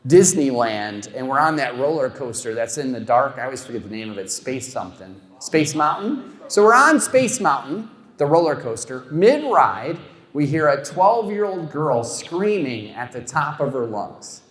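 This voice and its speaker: A man's voice: mid-range voice, moderate pace, few pauses. A middle-aged man performing a stand-up comedy routine on stage, telling self-mocking stories and chatting with the crowd. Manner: animated storytelling, self-mocking punchlines. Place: comedy show stage before a live audience. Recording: echoey hall with long reverb.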